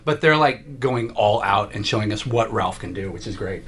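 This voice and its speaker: A man's voice: fairly low pitch, lively intonation, normal speed, fairly bright tone, slight background noise. A man co-hosting a casual podcast, explaining comic book history at length in a knowledgeable way. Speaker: podcast co-host, comics expert. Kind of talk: casual chat about comics and shows.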